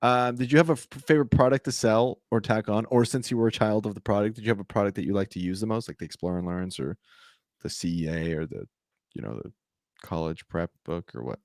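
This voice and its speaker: Man, podcast host, gravelly, dry close sound, casual joking chat. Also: on the low side, no room sound. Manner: joking, rapid-fire questions.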